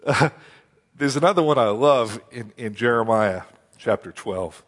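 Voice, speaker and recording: A man preaching a sermon, telling a scripture story in a folksy, animated way with rhetorical questions. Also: a little high, moderate pace. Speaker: pastor. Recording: long hall reverb.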